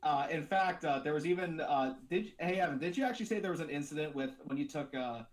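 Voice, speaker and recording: A male co-host with a slightly high voice steers the casual chat. He asks long, rambling questions and stumbles through false starts and fillers. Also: fast.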